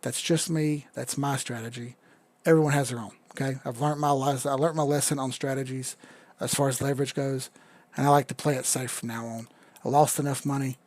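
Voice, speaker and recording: A man's voice: medium pitch, steady tone, fairly quick, darkish tone, no echo. A man hosting a crypto live stream, talking casually and rambling while he charts, swearing now and then and reading out chat. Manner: laid-back, rambling, swears casually, reads chat aloud.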